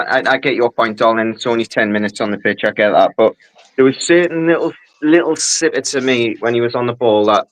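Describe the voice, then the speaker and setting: Geordie man, guest fan on a live stream, hesitant, stumbles over his words, mid-pitch voice. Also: a bit bright, low-quality recording. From Newcastle, England. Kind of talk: casual chat.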